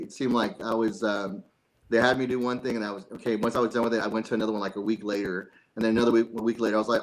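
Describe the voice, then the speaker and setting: A man's voice: mid-range voice, low-quality recording. A man being interviewed as a guest actor, chatty and self-joking, often laughing. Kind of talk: casual interview chat.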